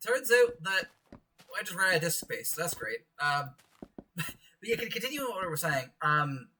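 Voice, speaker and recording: A young man from Canada tells workplace stories in a loose, rambling way, full of fillers and sudden bursts of excitement. His pitch leaps high and drops low as he gets into it. He sits back from the microphone, and steady background noise runs under his voice. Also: moderate pace. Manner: animated, rambling, many fillers, bursts of laughter. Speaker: podcast co-host. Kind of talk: casual storytelling over gameplay. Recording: distant mic with clear background noise.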